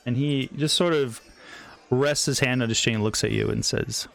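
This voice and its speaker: A man narrating as game master of a tabletop game, in a slow, loose way with many fillers. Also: mid-range voice, gravelly, fairly bright tone, faint music behind.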